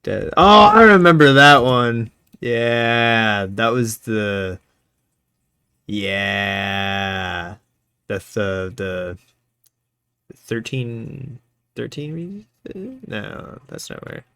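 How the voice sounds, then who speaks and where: A man's voice: medium pitch, lively intonation, extremely slow, vocal fry, sharp tone, smooth, no room sound, studio quality. A young man co-hosting a casual podcast, joking and laughing often. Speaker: podcast co-host.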